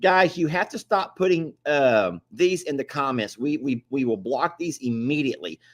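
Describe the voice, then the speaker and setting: A man's voice: medium pitch, lively intonation, moderate pace. A man, co-hosting a live stream in a rambling, chatty way and laughing often. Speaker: livestream co-host. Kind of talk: casual chat.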